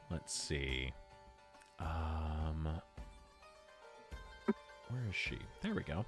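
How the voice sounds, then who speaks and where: A man narrating as game master in a tabletop game, rambling with frequent pauses. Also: extremely low pitch, very animated, faint music behind. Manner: rambling, full of filler and restarts.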